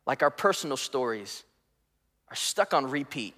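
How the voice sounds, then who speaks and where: A man's voice: mid-range voice, very animated, normal speed, fairly bright tone, in a large hall. A man from the DC area preaching a sermon as a guest speaker, playful and joking with the congregation. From DC area, United States. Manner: playful, joking, acts out voices in anecdotes. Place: church auditorium.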